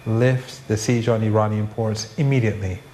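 A male correspondent delivering a news report in a flat, steady way. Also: on the low side, moderate pace, slight background noise.

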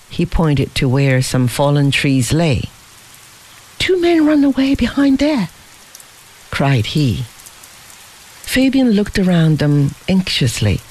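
A narrator reading a story aloud in measured, expressive audiobook style. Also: mid-range voice, low-quality recording. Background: music.

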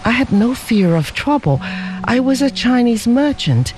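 A man's voice: very high voice, a little slow, pitched above the performer's own voice, heavily acted. A man reading a dignified merchant father. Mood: solemn. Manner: calm, solemn storytelling.

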